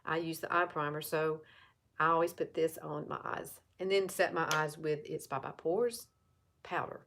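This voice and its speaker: Southern lady from alabama in her 50s, lowish voice, chatty makeup tutorial, repeats stuff a lot. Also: fairly even intonation, moderate pace, fairly bright tone. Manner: chatty, repeats herself, talks straight to viewers. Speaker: makeup seller and vlogger. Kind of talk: casual live makeup tutorial.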